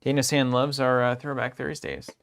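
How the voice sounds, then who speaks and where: A man's voice: mid-range voice, flat delivery, normal speed, creaky, a bit bright, clear, resonant tone. A young adult man co-hosting a livestream, joking around and greeting chat viewers as he chats casually. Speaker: stream co-host.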